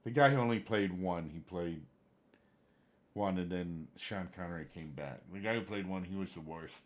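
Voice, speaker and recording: On a game livestream, a man whose voice sits low talks casually with viewers at normal speed. He tends to ramble, search for names, and get worked up at times.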